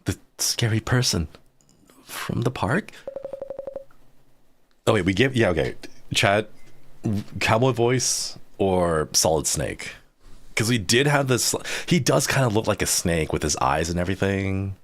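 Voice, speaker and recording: Excitable deep-voiced male game streamer. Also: moderate pace, dry recording. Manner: excitable and chatty, talks to chat while reading game lines. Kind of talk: live game stream commentary.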